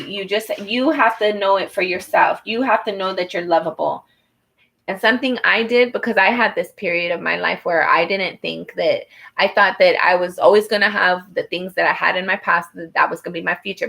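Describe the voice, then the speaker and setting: A woman's voice: mid-range voice, vocal fry, a bit bright, low-quality recording. A woman doing a personal tarot reading who talks to the viewer in an earnest, encouraging way, with many fillers and restarts. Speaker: tarot reader.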